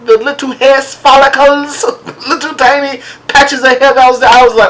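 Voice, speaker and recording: A man casually recapping and reviewing a TV episode, animated and laughing as he acts out what people said. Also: very high-pitched, moderate pace, few pauses, a little hiss or hum, rough recording. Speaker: show reviewer.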